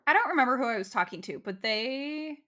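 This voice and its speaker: This young woman speaks with a bright, forward tone in a casual podcast chat. She talks in a steady, earnest way and often chimes in with quick agreement. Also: high voice. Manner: steady and earnest, with lots of short agreeing replies. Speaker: podcast co-host.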